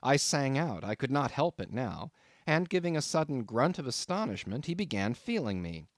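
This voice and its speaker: Male audiobook narrator, expressive, lively pitch, dry close recording. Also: moderate pace, no echo. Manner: expressive classic-novel reading. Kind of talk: scripted narration.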